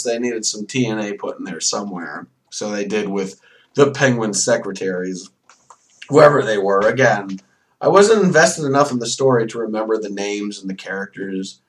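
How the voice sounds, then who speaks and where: A man's voice: on the low side, a bit bright, distant mic. A man hosting a solo podcast, ranting animatedly with mocking asides. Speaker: podcast host. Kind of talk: solo rant about a video game.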